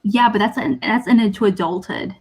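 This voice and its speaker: A woman of middle pitch co-hosting a relaxed film talk. She reasons things out aloud, stopping and restarting her sentences as she searches for the point. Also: slightly rough. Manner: thoughtful, halting, restarts often. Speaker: podcast co-host. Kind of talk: casual movie discussion.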